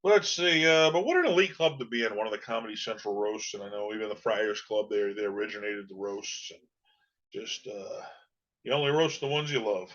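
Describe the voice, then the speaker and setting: A man's voice: on the low side, fairly quick, a bit bright, highs cut off. A man from New England hosting a podcast, talking casually and rambling with many fillers. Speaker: podcast host. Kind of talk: casual solo podcast talk.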